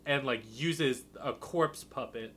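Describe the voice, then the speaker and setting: A man's voice: mid-range voice, takes it slowly, over a noisy crowd. A man co-hosting a podcast, chatting casually and sarcastically while recapping a musical. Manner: sarcastic, joking, puts on silly voices. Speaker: podcast co-host.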